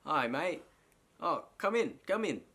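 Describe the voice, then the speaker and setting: A man putting on a friendly, laid-back British man's voice with a deliberately poor British accent, pitched well above his own. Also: big pitch swings, background noise. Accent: British, attempted and poor. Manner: high, chummy, drawn-out greetings.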